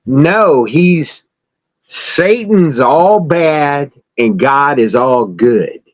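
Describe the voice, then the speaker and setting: A man's voice: a little high, animated, very slow, dry recording, muffled recording. A man in casual podcast chat, talking about faith in an emphatic, blunt way. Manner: emphatic preacher-like delivery, blunt and straightforward.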